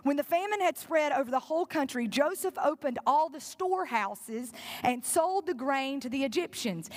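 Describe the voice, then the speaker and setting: A woman preaching a sermon, retelling a story with earnest directness and asking her congregation questions. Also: sits high. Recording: long reverb in a large hall.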